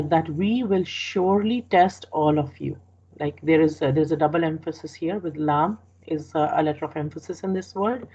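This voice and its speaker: A woman teaching a verse-by-verse translation lesson, explaining slowly and repeating each phrase with small restarts. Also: deep voice, warm tone, breathy edge. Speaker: Quran teacher. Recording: dull lo-fi recording.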